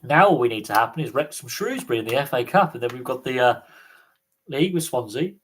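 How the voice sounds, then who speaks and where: A man chatting casually as host of a live Q&A stream. He rambles from point to point, thinking out loud with plenty of ums and restarted phrases. His voice sits at an ordinary middle pitch for a man. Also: animated, fast talker, noisy background. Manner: rambling, thinks aloud with many fillers and restarts. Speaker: sports livestream host.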